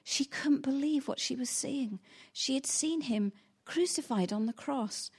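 A woman's voice: high voice, a little slow, a little mellow, breathy edge. A woman preaching a sermon, retelling a Bible story in a storytelling way and acting out the quoted lines with rising intensity.

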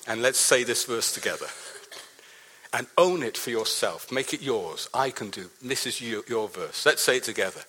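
A man's voice: medium pitch, lively intonation, moderate pace, bright, forceful tone, slight background noise. A man preaching a sermon as a pastor, emphatic, leading the congregation in reciting a verse. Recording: long hall reverb.

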